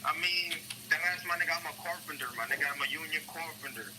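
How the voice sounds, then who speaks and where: A man's voice: fairly high pitch, steady tone, fast talker, crowd noise. A young man talking brashly in streetwise slang, defensive, over a video call. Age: young adult. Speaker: video chat stranger. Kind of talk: casual chat. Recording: noisy video call audio.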